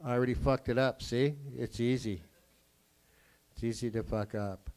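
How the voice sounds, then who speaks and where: A man doing stand-up comedy and a drawing lesson on a theatre stage, swearing freely, acting out his family and swinging from quiet asides to sudden shouts. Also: mid-range voice, fairly even intonation, rough recording. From Canada. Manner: acts out family members in quick voices. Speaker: comedian and cartoonist. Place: theatre stage with a live audience.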